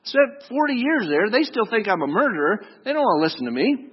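A man's voice: high-pitched, big pitch swings, a little fast, breathy edge, big-room sound, muffled recording, voice pushed up, full character voice. A man voicing a reluctant, anxious man who pleads and makes excuses, in a whiny tone. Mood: pleading.

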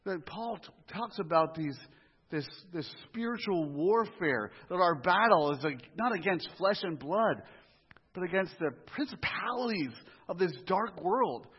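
Animated male pastor preaching in a hall. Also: sits high, measured pace, breathy edge. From US inner city. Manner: animated, conversational preaching with asides and humor. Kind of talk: sermon. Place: church sanctuary. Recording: muffled live church audio, long reverb.

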